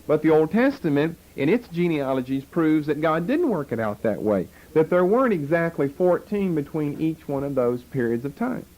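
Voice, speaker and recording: Man teaching a deliberate Bible lesson. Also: a little high, big pitch swings, a little mellow, poor audio. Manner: deliberate, explanatory, rhetorical questions. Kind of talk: lecture on scripture.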